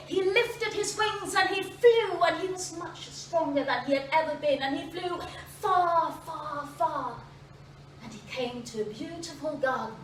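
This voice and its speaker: Woman storyteller, high voice, unhurried, echoey library room, distant mic, faint ambience. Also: a little hiss or hum. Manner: expressive, with dramatic pauses and voiced sound effects. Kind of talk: live storytelling to an audience. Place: library event space, indoors.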